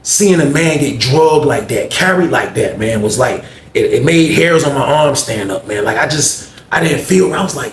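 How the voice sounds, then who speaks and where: A man's voice: mid-range voice, lively intonation, moderate pace, slight background noise. A man telling a story in a casual, slangy way, often adding "you know what I mean". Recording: echoey room.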